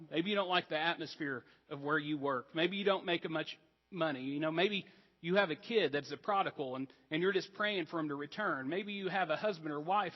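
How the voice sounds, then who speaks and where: A man's voice: on the high side, in a large hall, lo-fi sound. A man preaching a sermon as pastor, conversational and earnest, with casual asides to the congregation. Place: church sanctuary.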